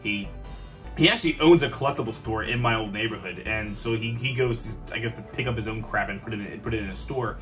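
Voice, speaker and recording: A man's voice: lowish voice, fast talker, fairly bright tone. A young man talking casually to camera about collecting, rambling with many restarts and fillers. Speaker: collector vlogger. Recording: distant mic, faint background music. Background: faint music.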